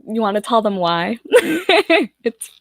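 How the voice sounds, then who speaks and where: Giggly American host, dry close sound. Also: female voice, a little high, sing-song, slow pace, dry recording. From United States. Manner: giggly, reads out chat comments. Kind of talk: casual live-stream chat.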